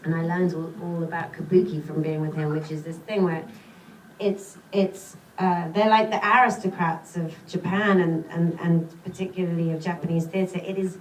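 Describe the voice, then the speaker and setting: A panel guest at a screening Q&A, this British actress answers in a chatty, self-deprecating way. Her voice is on the low side, with little pitch movement, at normal speed. It was recorded in an echoey cinema theater with an audience, far from the mic, with faint hiss.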